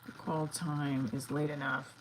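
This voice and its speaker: A woman with a low voice chatting on a casual livestream. She rambles from one thought to the next, restarting sentences and dropping in lots of fillers. It sounds loose and unscripted. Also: little pitch movement, unhurried, a little hiss or hum, rough recording. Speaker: actor and comedian livestreaming.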